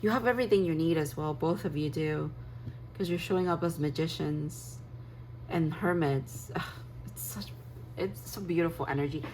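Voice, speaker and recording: Low-pitched woman tarot reader, dreamy and gushing, loose rambling reading, faint hum behind. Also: normal speed, a little mellow, poor audio. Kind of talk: casual spoken tarot reading.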